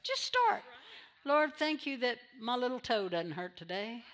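A woman's voice: a little high, expressive, normal speed, a bit bright. A woman pastor preaching a sermon in church, repeating phrases for emphasis and drawing amens from the congregation.

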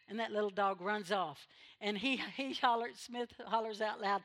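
A woman pastor preaching a sermon in church, with emphatic calls and quick asides to the congregation. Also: mid-range voice, steady tone, a bit bright. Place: church sanctuary.

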